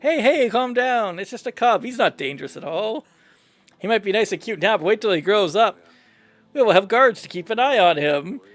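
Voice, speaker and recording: Casually commenting on a story game playthrough, a man reads all the characters' dialogue aloud in his own voice, playfully and with animation. His voice sits high, he talks at a normal speed, and there's no room sound.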